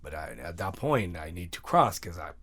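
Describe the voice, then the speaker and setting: A young man with a Mexican Spanish accent, talking English as his second language in a relaxed interview. His voice sits a little low, and he restarts and repeats words as he hunts for phrases. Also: noisy background. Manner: halting, repeats words, non-native grammar. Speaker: guest musician. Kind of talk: casual storytelling interview.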